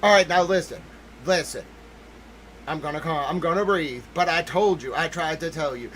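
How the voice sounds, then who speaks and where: Male livestream host, high-pitched, excitable and emphatic, keeps repeating himself for emphasis. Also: normal speed, slight background noise, low-quality recording. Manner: talks to chat members directly by name. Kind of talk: livestream commentary.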